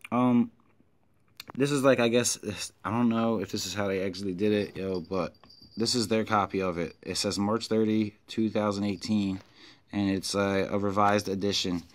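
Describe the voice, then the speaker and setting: A man's voice: on the low side, normal speed. Guy ranting a story to his camera, lots of um and uh, slangy, gets worked up. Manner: animated, rises when quoting himself; loose, filler-heavy retelling with slang. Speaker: vlogger recounting an encounter.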